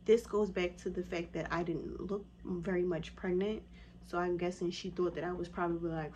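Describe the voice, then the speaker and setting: A woman telling her own story in a casual vlog, acting out what others said in a raised voice. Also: a little hiss or hum. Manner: animated, acts out quoted voices in a higher pitch.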